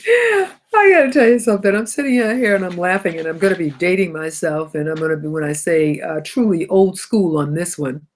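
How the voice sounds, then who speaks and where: Middle-aged woman host with a cold, slightly low voice, lively motivational talk that laughs and corrects itself. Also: a little fast. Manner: animated, laughs and self-corrects often. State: has a cold. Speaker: host of a self-help broadcast.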